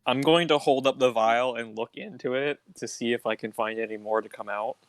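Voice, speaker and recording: A man playing a tabletop game in a casual, deadpan, joking way. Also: medium pitch, a little fast, dry recording. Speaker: player.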